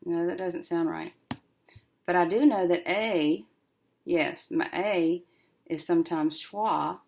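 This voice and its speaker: Slow, gravelly low-voiced woman teacher. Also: a little mellow. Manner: slow, thinking aloud, sounding out syllables. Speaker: reading teacher. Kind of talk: recorded syllable-division lesson.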